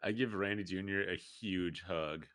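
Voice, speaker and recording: A man's voice: low-pitched, measured pace, fairly bright tone. A man playing in a tabletop game, talking casually and rambling a bit. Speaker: player.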